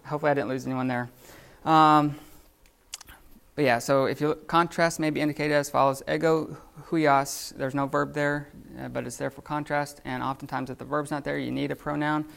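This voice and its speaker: A man teaching a live Greek grammar class, talking in a halting way with many fillers and restarts. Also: a little high, little pitch movement, gravelly, a bit bright, clear, resonant tone.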